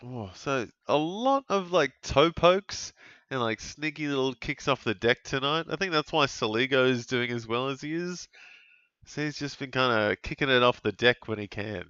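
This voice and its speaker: A man casually commenting on a live football game for his stream, chatty and relaxed, with sudden bursts of excitement at big plays. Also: medium pitch, normal speed, smooth, no echo, muffled recording. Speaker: fantasy football streamer calling a live watch-along.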